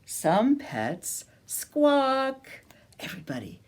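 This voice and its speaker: Slow, sing-song woman reading to children. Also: medium pitch, very animated, darkish tone, husky. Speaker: children's librarian reading a picture book. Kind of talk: slow, animated storytime read-aloud.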